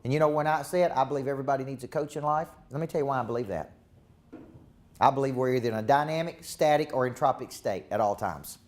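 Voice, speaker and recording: A man's voice: mid-range voice, fast. A man giving a live seminar to managers in an ordinary mid-range voice. He talks emphatically, repeating phrases to rally the room. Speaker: business coach. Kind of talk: live motivational seminar talk.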